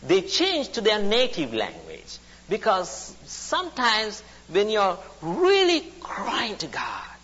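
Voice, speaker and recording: Man preaching, slow and emphatic, lively pitch, husky, dull sound with long hall echo. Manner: slow, emphatic, repeating phrases. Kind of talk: sermon. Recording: dull recording in a reverberant hall.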